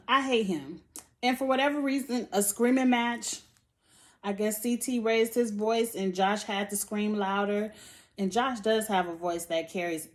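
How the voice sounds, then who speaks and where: A woman giving a casual, blunt recap of a reality TV episode. She speaks with sass, cusses and laughs often. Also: on the high side. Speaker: reality TV reviewer. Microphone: phone or tablet setup.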